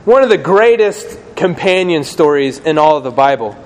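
A man preaching a sermon in a lively, casual way, acting out quoted voices with slang. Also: a little high, normal speed, a little hiss or hum. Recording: long hall reverb, faint ambience.

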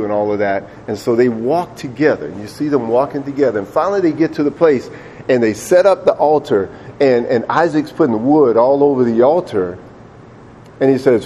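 Brief: male preacher, sermon storytelling, mellow tone, mid-range voice, casual and repetitive when emphatic. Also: medium pitch, a little fast, highs cut off, slight background noise. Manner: conversational storytelling, repeats words when emphatic.

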